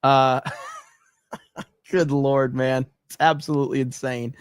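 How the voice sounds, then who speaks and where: A man's voice: mid-range voice, slow pace, clean tone, dry recording, studio quality. A man hosting a casual livestream, reading viewer chats aloud and reacting in a loose, profane way with frequent laughter.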